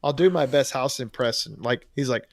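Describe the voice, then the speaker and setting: A man co-hosts a casual trade podcast, chatting in a loose, rambling way and laughing often. His voice is mid-range and creaky, and he talks at a normal speed.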